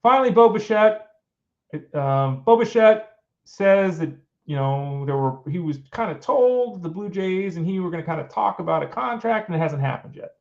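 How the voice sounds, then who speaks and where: Middle-aged male sports show host, fairly high voice, exasperated and rhetorical, muffled lo-fi recording. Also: expressive, moderate pace, gravelly. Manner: exasperated, fires off rhetorical questions. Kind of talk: casual opinionated commentary. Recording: dull lo-fi sound.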